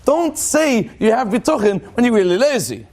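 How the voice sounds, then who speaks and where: A rabbi giving a lively, joking religious talk to a live audience, questioning them and acting out what people say. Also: male voice, very high-pitched, normal speed. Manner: animated and joking, acts out quoted thoughts in a dramatic voice.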